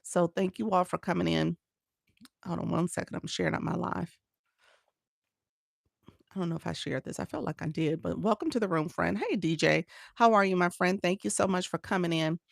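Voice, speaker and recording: A woman's voice: fairly low pitch, fairly even intonation, normal speed, gravelly, no room sound, studio quality. A woman coach chatting with viewers on a live stream, laughing often and greeting people by name, speaking into a phone. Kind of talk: casual TikTok live chat.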